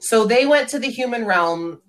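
A woman's voice: fairly high pitch, lively intonation, normal speed, slight background noise. A woman in a casual podcast chat, explaining a character backstory at length with frequent ums. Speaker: podcast guest.

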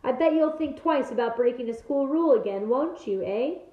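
A woman reading aloud doing a cruel old caretaker, sneering and gloating, with a fairly high voice. It is a storybook read-aloud in a roomy space, coming through a tinny, phone-like line. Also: animated, moderate pace. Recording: echoey room over a thin phone-like line.

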